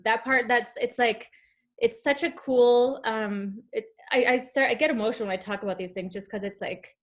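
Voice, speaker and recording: A woman in her thirties giving an enthusiastic, rambling motivational talk over a video call, full of fillers and restarts. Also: mid-range voice. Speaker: guest speaker.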